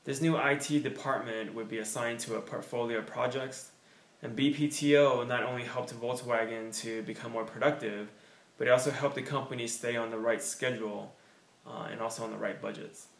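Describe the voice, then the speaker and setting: A man's voice: mid-range voice, fairly even intonation, brisk, vocal fry, echoey room, far from the mic. A man student presenting a case study, reading steadily with small fillers.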